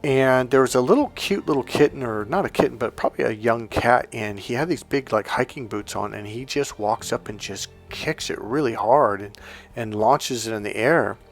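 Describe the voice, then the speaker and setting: Speaking at a moderate pace in a mid-range voice, a man who works as a relationship coach recounts a childhood memory in a relaxed monologue. He's from Northern California, says "like" constantly, and performs the lines he quotes.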